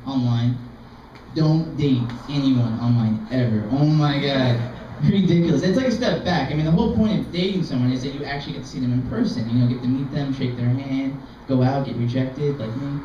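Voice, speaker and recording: A young man performing open mic stand-up comedy in a self-deprecating, halting, rambling way. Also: medium pitch, mellow, far from the mic, slight background noise. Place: small art gallery open mic. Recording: dull, echoey room recording from afar.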